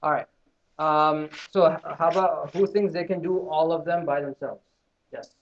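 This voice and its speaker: A man's voice: a little high, steady tone, moderate pace. A man teaching beginners Arabic in a classroom, drilling students with call and response. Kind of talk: classroom lesson. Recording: muffled lo-fi classroom recording.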